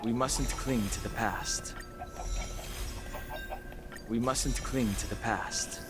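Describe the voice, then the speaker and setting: A man plays a calm game hero with a mid-pitched voice, delivering a slow, solemn voice line. Loud game music plays under him. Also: natural voice.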